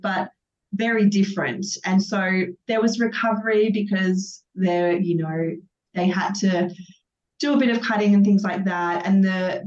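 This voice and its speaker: A woman in her thirties telling her own birth story as a podcast guest, acting out what was said in lively bursts. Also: medium pitch. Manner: animated storytelling, acts out her own quotes. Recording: distant, dull, roomy sound.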